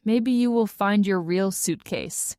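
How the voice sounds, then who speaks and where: A woman's voice: mid-range voice, takes it slowly, darkish tone, smooth, no echo, close to an everyday voice. A woman reading the lines of a good-humored father who teases his daughter. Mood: teasing. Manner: dry, teasing.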